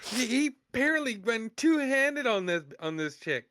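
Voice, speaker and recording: A man telling profane stories in a casual podcast chat, animated and blunt. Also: extremely high pitch, unhurried, dry recording. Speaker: podcast host.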